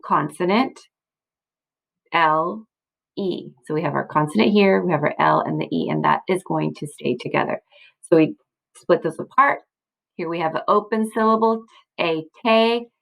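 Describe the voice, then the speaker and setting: Patient teacher woman with gravelly voice. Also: lowish voice, fairly bright tone, poor audio. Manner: patient, encouraging, frequent "okay?" and "right?" checks. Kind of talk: recorded slideshow lesson for kids. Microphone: computer mic, screen recording.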